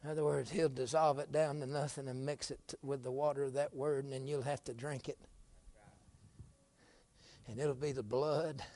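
A man preaching a fiery, folksy sermon, dropping to low murmurs and climbing to shouts. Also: fairly even intonation, moderate pace, no echo.

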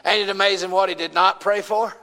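A man's voice: high-pitched, steady tone, fast talker, sharp tone, in a large hall. A man with a Southern US accent preaching a sermon, folksy and emphatic, calling out to his congregation.

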